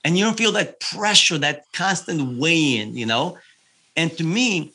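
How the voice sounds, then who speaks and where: A man working as a health coach, explaining his approach in a podcast interview, lively and full of examples. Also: a little high, unhurried, husky.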